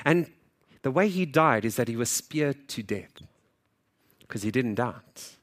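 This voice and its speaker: Animated male pastor preaching. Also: medium pitch, a little slow. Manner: animated, acts out quoted dialogue; conversational, jokes with congregation. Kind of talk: sermon.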